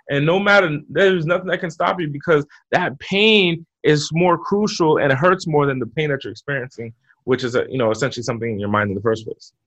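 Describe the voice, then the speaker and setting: Man, podcast guest, motivational, energetic, repetitive, higher pitch, muffled lo-fi sound. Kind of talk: motivational interview talk. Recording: muffled lo-fi audio.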